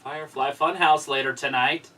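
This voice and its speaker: A man's voice: a little high, steady tone, moderate pace, sharp tone. A man co-hosting a live watch-along stream in casual chat, reacting to the action and greeting viewers. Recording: distant mic.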